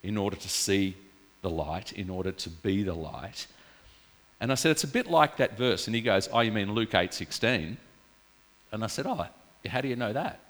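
A man's voice: fairly low pitch, normal speed. A man preaching a casual, story-filled sermon in a church. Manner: chatty, storytelling, animated with laughs. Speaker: pastor. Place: church hall. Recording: reverberant church hall.

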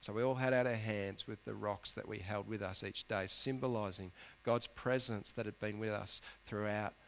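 A man's voice: lowish voice, steady tone, normal speed, vocal fry, a little hiss or hum. A man preaching a sermon as pastor, earnest, climbing to emphatic peaks and sinking to near-whispers.

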